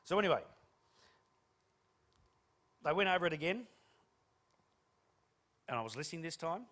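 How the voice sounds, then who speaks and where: A man's voice: fairly high pitch, very animated, normal speed, a bit bright. A man giving a humorous keynote talk on stage, telling self-deprecating anecdotes and acting out the dialogue. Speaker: keynote speaker.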